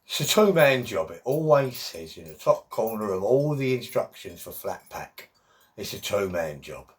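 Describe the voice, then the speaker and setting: A man's voice: on the low side, sing-song, moderate pace. Jokey, rambling man. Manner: chatty, jokey, wandering asides. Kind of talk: rambling casual monologue.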